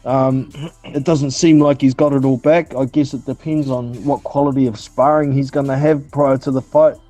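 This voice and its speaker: A man's voice: mid-range voice, fairly even intonation, moderate pace, warm tone, no room sound, soft background music. A man chatting casually about fights as a panelist, blunt and swearing freely, with hesitant fillers. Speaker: podcast panelist. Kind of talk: casual boxing chat.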